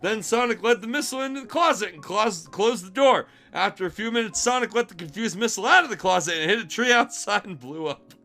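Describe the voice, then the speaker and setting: Animated man reading aloud while laughing. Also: sits high, quick pace, hardly any pauses, soft background music. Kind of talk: comic dramatic reading.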